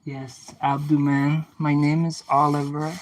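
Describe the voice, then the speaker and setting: A man's voice: on the high side, completely flat delivery, a little slow, rough recording. Chatty young man streaming while cleaning. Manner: chatty, replies to viewer comments aloud; playful trash talk to the oven. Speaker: livestreamer. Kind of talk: casual livestream chat while cleaning.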